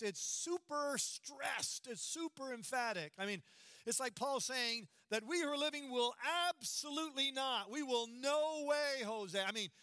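A middle-aged man preaches with a high, bright, ringing voice. He leans hard on key words and keeps asking the congregation questions. The sound is dry and close. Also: dry recording. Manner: emphatic, asks the congregation rhetorical questions. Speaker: pastor. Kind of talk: sermon.

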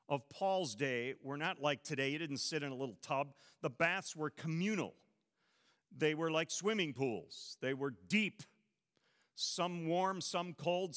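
A male pastor preaching with a bright, ringing voice, leaning hard on key words and then sinking to quiet lows. His sermon carries the long reverb of a large church hall. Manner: emphatic preaching, swings between loud stresses and low drops.

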